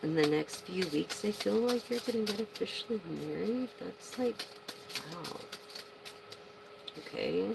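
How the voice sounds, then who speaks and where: A woman giving a casual tarot reading to her viewers, chatty and excitable, swearing freely and breaking into loud bursts. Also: medium pitch, a little slow, vocal fry, long pauses, noisy background. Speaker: tarot reader.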